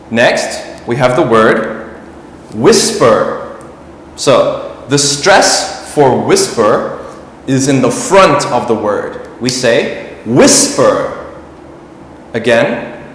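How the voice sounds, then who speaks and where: A man teaching an English grammar lesson, speaking slowly and deliberately and repeating words for learners to say after him. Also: medium pitch, slight background noise. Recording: echoey room with long reverb.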